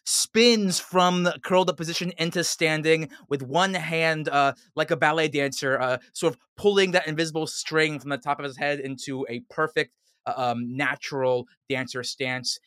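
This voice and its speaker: A man's voice: a little high, fairly even intonation, normal speed, few pauses, a bit bright, clean tone, no room sound, clean studio sound. A man playing a comedy tabletop game, joking and laughing between moves. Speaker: player.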